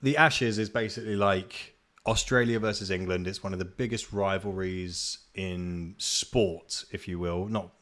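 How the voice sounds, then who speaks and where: A man's voice: sits low, unhurried, fairly bright tone. A man hosting a solo podcast, ranting in a casual, exasperated way with plenty of swearing and self-deprecating laughs. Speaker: podcast host.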